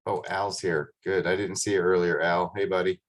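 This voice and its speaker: A man's voice: low voice, little pitch movement, moderate pace. A man hosting a casual group video call, upbeat and encouraging, greeting people by name. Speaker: host of an online call.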